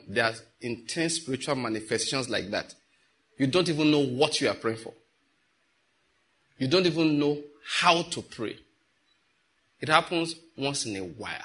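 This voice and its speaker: A man's voice: mid-range voice, bright, forceful tone. A middle-aged man preaching a sermon, talking to his congregation with frequent rhetorical questions. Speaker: pastor.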